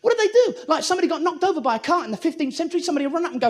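A man's voice: very high voice, sing-song, very fast, hardly any pauses, slight background noise. A man doing stand-up in a theatre, manic and profane, acting out little scenes as he goes. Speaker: stand-up comedian. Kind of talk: stand-up comedy routine. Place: theatre stage.

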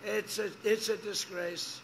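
A man's voice: sits high, steady tone, measured pace. A man gives a rambling, repetitive campaign rally speech outdoors, making emphatic asides to the crowd. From United States. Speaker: politician speaking at a rally.

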